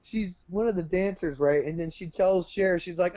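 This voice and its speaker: A man co-hosting a podcast, retelling a movie plot in a profane, animated casual chat. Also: high-pitched, brisk, hardly any pauses, lo-fi sound. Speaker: podcast co-host.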